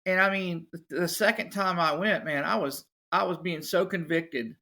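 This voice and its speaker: Bright-voiced man telling his story. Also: sits high, moderate pace. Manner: animated, acts out other people's voices. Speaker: podcast guest, musician. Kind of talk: casual storytelling.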